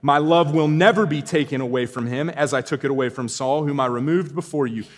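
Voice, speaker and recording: A man's voice: on the high side, brisk. A man preaching a sermon, telling a story and building to emphatic points. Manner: storytelling, rising to emphatic exclamations. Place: church sanctuary. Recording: long reverb of a church hall.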